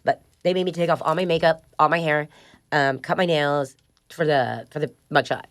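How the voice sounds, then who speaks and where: A woman's voice: low voice, steady tone, moderate pace, slight background noise. A middle-aged woman as a podcast guest, telling a wild story bluntly and profanely, laughing along as she goes. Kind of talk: candid storytelling interview.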